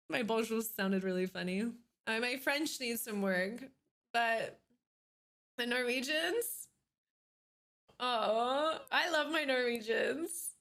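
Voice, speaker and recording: A bubbly woman live streamer chats with her viewers from her computer, giggling as she greets people by name. Her voice sits high and sounds bright and crisp. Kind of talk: casual live-stream chat.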